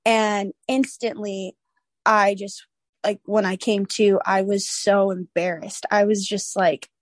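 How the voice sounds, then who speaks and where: A woman in her twenties, appearing as a podcast guest, tells a personal story in a lively, casual manner, mimicking other people's voices and laughing a lot. Her voice is mid-range and slow, and the recording is dry.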